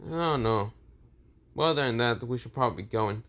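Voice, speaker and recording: A man's voice: mid-range voice, fairly quick, a bit bright, lo-fi sound, close to an everyday voice. A man doing a cocky, foul-mouthed teenage boy. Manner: swearing, mocking and flippant. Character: cocky, crude teenage boy hero, male.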